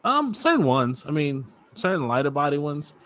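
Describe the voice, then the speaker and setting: A man's voice: a little high, big pitch swings, normal speed, a bit bright, slight background noise. Laid-back man chatting on a patio. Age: young adult to middle-aged father. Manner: laid-back, rambling with many fillers and restarts. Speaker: podcast co-host. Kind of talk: casual chat. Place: back patio outdoors at night.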